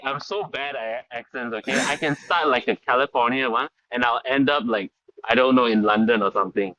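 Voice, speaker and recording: A man's voice: mid-range voice, fairly quick, bright, forceful tone, dry recording, dull audio. A man chatting as an interview guest, easygoing and peppering his talk with "like". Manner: easygoing, uses "like" a lot. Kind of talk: casual interview chat. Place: Taiwan.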